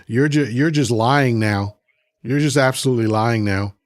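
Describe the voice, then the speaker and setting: A man with a medium-pitched voice speaks at a moderate pace on a dry recording. Hosting a livestream, he reads chat comments aloud and argues with them in a combative, mocking political rant, often repeating himself.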